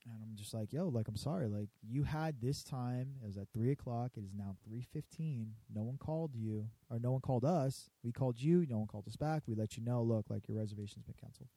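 A man tells work stories in casual, profanity-laced chat, mimicking difficult customers as he goes. His voice is dark and mellow, recorded close and dry. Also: mid-range voice, brisk, hardly any pauses, slightly rough, no echo. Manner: profane, storytelling, acts out customers. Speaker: barbershop worker.

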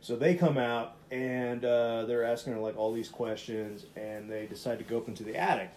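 A man's voice: mid-range voice, moderate pace, a little hiss or hum. A man co-hosting a podcast, telling a story in casual chat, rambling with lots of "like" and swearing, and acting out the voices in his quotes. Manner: rambling, heavy use of "like" and swearing; animated, acts out voices in retold quotes. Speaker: podcast co-host.

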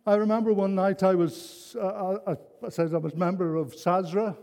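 A man's voice: high voice, fairly even intonation, normal speed, darkish tone. Older man preaching in a hall. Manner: earnest, rambling storyteller with frequent restarts. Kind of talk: sermon with personal anecdotes. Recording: long hall reverb.

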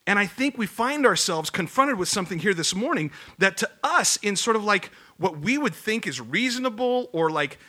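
A man's voice: high-pitched, bright, forceful tone. A man giving a sermon as a pastor, telling the story casually and acting out the voices in quotes.

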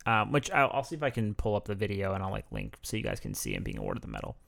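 Gravelly low-voiced man, casual podcast chat. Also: quick pace. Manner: relaxed, chatty, reads facts aloud with asides. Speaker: podcast co-host.

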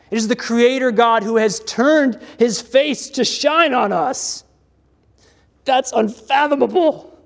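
A man with a notably high voice preaches in a slow, measured cadence, leaning on pauses and repeated refrains. His words ring out with a long reverb, as if in a large hall. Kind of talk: sermon.

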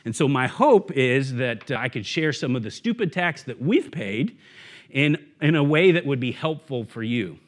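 A man's voice: mid-range voice, moderate pace. A man preaching a sermon as a guest speaker, telling a story with acted-out voices and then moving into his message. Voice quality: bald. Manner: animated storyteller, acts out shouts. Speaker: guest preacher, church network director.

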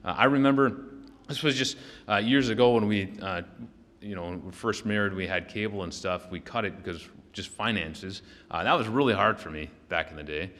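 A man's voice: lowish voice, brisk, a bit bright. A male pastor preaching a sermon in a loose, conversational way, often checking in with the congregation and restarting his sentences. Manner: loose, with frequent restarts and fillers. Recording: long reverb of a large hall.

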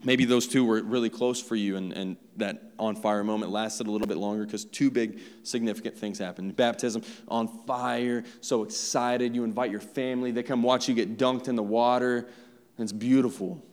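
A man's voice: mid-range voice, steady tone, moderate pace, a little mellow, clean tone. A man preaching a sermon in a conversational style, speaking directly to his congregation. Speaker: pastor. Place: church sanctuary. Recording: long reverb of a church hall.

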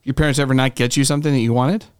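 A man's voice: medium pitch, steady tone, racing, darkish tone, clean tone, no room sound. A man hosting a podcast in a studio, chatting casually and playfully, telling stories with little acted quotes. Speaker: podcast host. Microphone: studio microphone.

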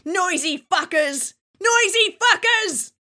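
A woman voicing a hostile male neighbour who flatly denies everything and then bursts into shouted abuse. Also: high voice, slow, heavily acted. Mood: furious. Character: hostile male downstairs neighbour, bangs and swears.

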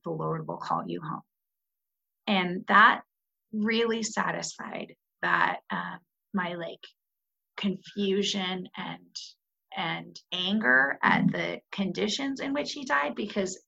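A woman's voice: mid-range voice, creaky, bright, forceful tone, husky. A woman in her thirties speaking candidly as a podcast guest, reflective, with many fillers and restarts. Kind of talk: personal conversation about grief. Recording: muffled lo-fi podcast audio.

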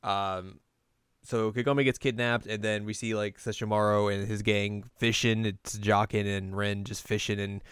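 A young man co-hosting a casual recap chat, laid-back and dropping into quick voices to quote characters. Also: on the low side, flat delivery, a bit bright, smooth, no echo, studio quality. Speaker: podcast co-host.

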